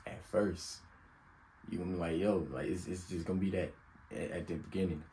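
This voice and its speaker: Young man, very low voice, earnest self-help vlogger, unscripted and vulnerable, light background hiss. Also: steady tone, a little fast, warm tone, rough recording. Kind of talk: earnest personal advice monologue.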